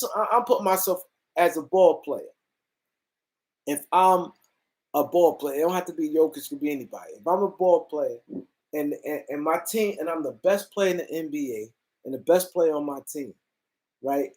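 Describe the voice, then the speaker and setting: A man's voice: high voice, a little mellow. A man hosting a casual sports talk show, ranting emphatically and repeating himself as he rambles through his points. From US East Coast. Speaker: host. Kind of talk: casual sports commentary rant.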